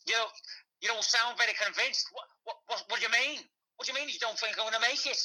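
A man's voice: extremely high pitch, fast talker, sharp tone, heavily acted, rough recording. A man voicing a brash, swaggering teenage Liverpool lad with a Scouse accent who swears constantly. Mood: aggressive. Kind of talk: comedy phone-in sketch.

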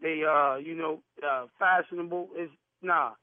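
A defensive, confrontational man who argues in heavy slang over a phone call. His voice is high, and it comes through a tinny, phone-like line that sounds completely dry. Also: fairly even intonation, measured pace, dry recording. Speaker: caller. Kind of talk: heated phone argument.

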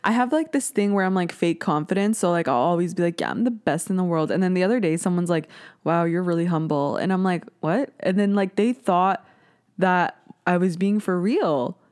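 A woman's voice: lowish voice, fairly quick, a little mellow. A woman in her twenties hosting a casual solo podcast, chatty and sarcastic, laughing at herself often. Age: 20s. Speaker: podcast host.

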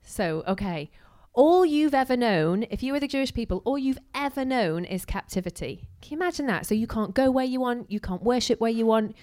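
A woman's voice: a little high, a little fast, few pauses. Chatty woman preaching. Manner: chatty and animated, acting out quotes with asides. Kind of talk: casual sermon.

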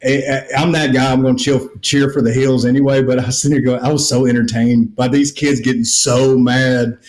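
A man's voice: mid-range voice, fairly quick, roomy sound. A man, hosting a casual podcast chat and telling a long story with acted-out quotes and plenty of swearing. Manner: animated, profane storyteller who acts out quotes. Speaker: podcast host.

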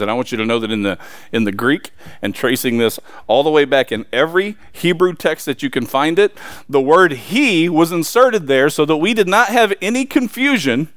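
A man preaching a sermon, reading scripture and then talking it through in a casual, emphatic way with sudden loud peaks and quiet asides. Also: on the high side, expressive, moderate pace, no room sound, studio quality. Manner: reads scripture aloud then preaches conversationally with slang.

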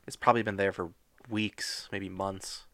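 A man co-hosting a podcast in casual chat, with a deadpan, dryly teasing delivery. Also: sits low, normal speed, dry recording, studio quality. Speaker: podcast co-host.

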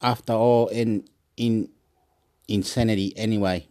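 A man's voice: fairly low pitch, steady tone, measured pace, dark tone, dry recording, clean studio sound. Rambling Australian man podcasting solo. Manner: rambling, restarts often, mixes in Spanish greetings. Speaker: podcast host. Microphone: phone recording app.

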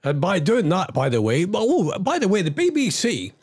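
A man's voice: high voice, wildly swooping pitch, moderate pace, a little mellow, breathy edge. A man hosting a radio show, ranting in an agitated, exasperated, rambling way and jumping between asides in a studio. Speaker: radio host. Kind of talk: rambling on-air monologue.

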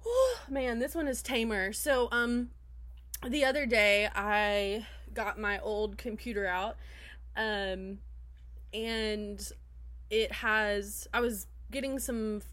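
A woman's voice: medium pitch, slow pace, a bit bright, no room sound. A young adult woman co-hosting a podcast, chatting casually with lots of laughter and filler words. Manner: laughs a lot, many fillers. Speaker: podcast co-host. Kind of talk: casual chat.

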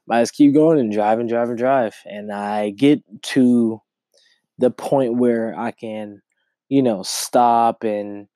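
A young man hosts a podcast alone, telling a rambling, casual story and often repeating words as he recounts it. His voice is lowish and warm, and the recording is dry.

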